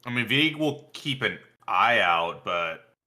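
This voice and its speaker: A man's voice: lowish voice, animated, slow, sharp tone. A man playing a tabletop game with friends, joking around and laughing often. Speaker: player. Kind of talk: casual tabletop game chat.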